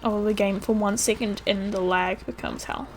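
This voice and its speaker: A woman's voice: mid-range voice, steady tone, moderate pace, a little hiss or hum. A woman streaming a video game who chats casually and laughs often. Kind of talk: casual gameplay commentary.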